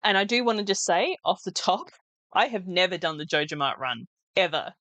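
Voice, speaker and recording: A woman's voice: fairly low pitch, animated, a little fast, fairly bright tone, dry recording. A woman hosting a farming game let's play, with chatty, wry asides and laughing at herself. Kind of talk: casual gameplay commentary.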